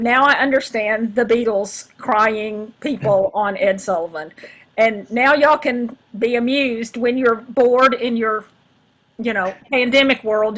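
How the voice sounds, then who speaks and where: Middle-aged woman, brisk bright voice a bit high, chatty and self-deprecating, casual workshop talk. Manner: chatty and self-mocking, warm thanks. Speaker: national field director addressing volunteers.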